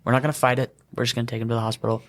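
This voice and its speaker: A young man co-hosting a podcast, telling an animated work story and laughing as he goes. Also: medium pitch, very fast. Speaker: EMT podcast co-host. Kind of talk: casual storytelling chat.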